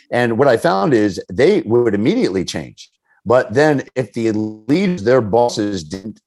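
A middle-aged man, a leadership speaker, answering questions in a podcast interview and acting out the people in his stories. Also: lowish voice. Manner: animated storyteller, acts out quoted people.

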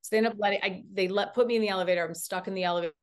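A woman's voice: mid-range voice, very fast, clean tone. Chatty woman telling a story. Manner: animated, lots of "like" fillers. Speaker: guest. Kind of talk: casual storytelling.

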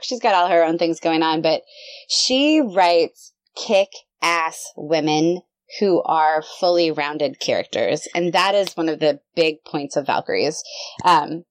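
A woman author chatting as a guest on a podcast, telling stories in a bubbly, animated way. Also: on the low side, no echo. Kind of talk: casual podcast chat.

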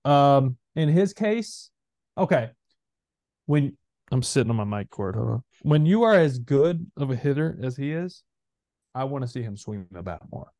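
Male podcast co-host, thirties, mellow timbre, rambling casual talk, dry close mic. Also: mid-range voice, normal speed, no room sound. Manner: animated, rambling, lots of fillers. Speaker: podcast co-host, former player. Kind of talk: casual chat.

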